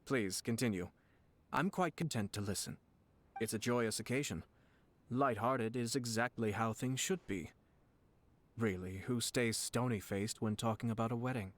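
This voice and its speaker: An actor playing a courteous, formal young nobleman in a video game, speaking with calm reassurance. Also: mid-range voice, moderate pace, slight background noise, lightly acted. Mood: gracious. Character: polite, gracious young nobleman commissioner.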